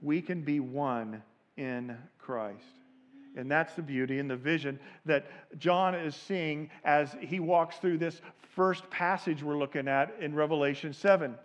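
A man preaching a sermon in a church sanctuary, his voice sitting a little high. He drops into quiet, low asides, then builds to loud, shouted peaks. He leads the congregation in call and response. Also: measured pace. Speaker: pastor.

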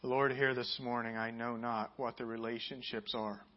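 A man preaching a sermon as pastor, building to loud, emphatic passages and dropping to quiet prayer. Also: level tone, moderate pace, dull audio. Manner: emphatic preaching, rising loud and high on key points.

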